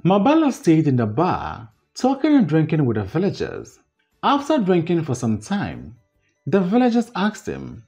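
A narrator reading a children's story aloud in a measured, expressive way. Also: medium pitch, faint music behind. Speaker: audiobook narrator. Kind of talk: audiobook storytelling.

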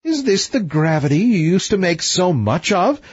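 A man's voice: high voice, sing-song, normal speed, breathy edge, no room sound, pitched above the performer's own voice, heavily acted. A man reading a storybook who voices a young princess, with a slightly raised, complaining tone. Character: young princess, petulant then tender. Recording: dull dry lo-fi recording.

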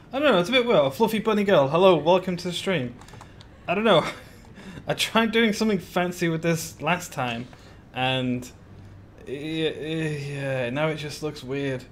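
A man's voice: on the high side, slight background noise. A man chatting casually on a live stream while building in a game, greeting viewers by name with giggly asides.

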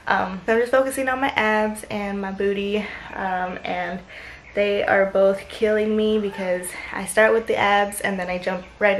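A woman's voice: mid-range voice, a little hiss or hum, poor audio. A young woman chatting casually and animatedly in a home vlog, swearing now and then. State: out of breath after a workout. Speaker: vlogger.

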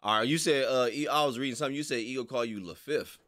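A man's voice: medium pitch, fast talker, a bit bright. A man hosting a live stream in casual chat, laid-back and slangy, reading viewers' messages aloud.

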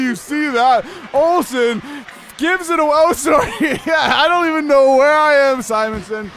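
A man's voice: extremely high pitch, moderate pace, fairly bright tone, a little hiss or hum. A man calling an amateur hockey game play-by-play, teasing his co-host in casual joking banter on a shared microphone. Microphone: shared handheld microphone.

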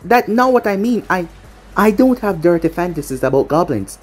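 A woman's voice: fairly low pitch, big pitch swings, moderate pace, darkish tone, breathy edge, faint music behind. A woman voicing a flustered young female soldier who stammers.

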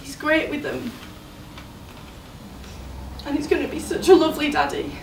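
An actress playing a grieving young fiancée in a stage monologue, speaking in an emotional, halting way. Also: female voice, high-pitched, steady tone, vocal fry, slight background noise. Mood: tender. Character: young woman, grieving fiancée, anxious and devoted. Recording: roomy, distant from the mic.

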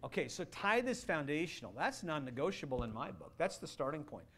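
A man preaching a sermon as a pastor, animated and playful, with bursts of loud excitement. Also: a little high, brisk. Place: church sanctuary.

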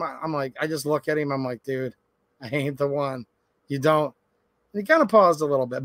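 A man's voice: on the high side, fairly bright tone, dry recording. A man in his thirties hosting a livestream, chatting casually and telling a rambling story with lots of fillers. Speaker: livestream host.

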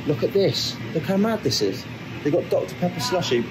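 A young man vlogging on a trip, excitable and swearing casually, filmed on a handheld camera. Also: a little high, a little fast. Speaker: travel vlogger. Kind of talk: casual vlog chat. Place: out and about on a city trip. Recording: noisy ambient background.

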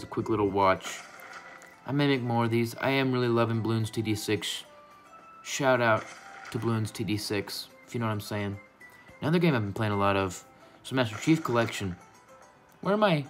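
A low-voiced man chatting through a casual gaming vlog. He rambles goofily and playfully, with some faint music under him. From United States. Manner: goofy, rambling, playfully affectionate. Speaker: gaming YouTuber. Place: his room.

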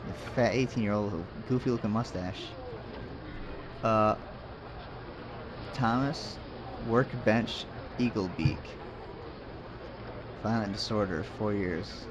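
A man's voice: fairly low pitch, a little slow, long pauses, background noise. A man casually commenting as he plays a game, rambling and muttering to himself with jokes along the way. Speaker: let's play host.

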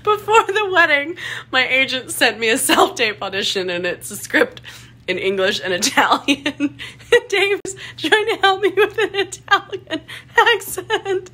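A woman vlogging casually on a trip, giggly and excitable, laughing often. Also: high-pitched, measured pace. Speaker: travel vlogger. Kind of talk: casual vlog chat.

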